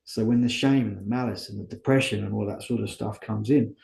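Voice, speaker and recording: A man's voice: on the low side, fairly even intonation, brisk, vocal fry, darkish tone, reverberant. A man as an interview guest, talking candidly and earnestly about his own life, often asking and answering his own questions. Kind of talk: candid conversational storytelling.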